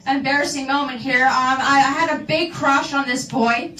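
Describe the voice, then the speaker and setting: A woman co-hosting a radio talk show, telling stories in an animated way and acting out the voices. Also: high-pitched, normal speed, echoey room, far from the mic, faint music behind, poor audio. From Canada. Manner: animated storyteller, acts out quotes. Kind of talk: casual radio chat.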